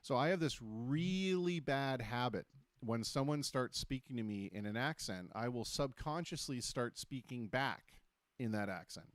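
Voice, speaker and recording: A man's voice: mid-range voice, expressive, dry recording. A man hosting a casual talk show, telling stories in a chatty, joking way with lots of restarts. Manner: chatty storyteller, quick and jokey with many restarts. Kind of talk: casual chat.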